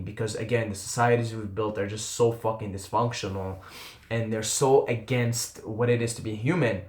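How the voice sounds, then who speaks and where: A man telling a personal story to camera in a casual, earnest and intense way, often trailing off and swearing. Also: on the low side. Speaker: vlogger. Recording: roomy echo.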